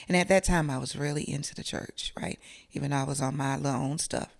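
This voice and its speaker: A woman's voice: low voice, steady tone, fast, creaky. A middle-aged woman, from South Carolina, telling a personal story as an interview guest in an emotional, earnest, conversational way.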